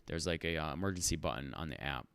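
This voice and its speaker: A man hosting a casual livestream Q&A for rideshare drivers, animated and talking in fits and restarts. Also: rumbling low, fast, creaky, smooth. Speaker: rideshare channel host answering live chat.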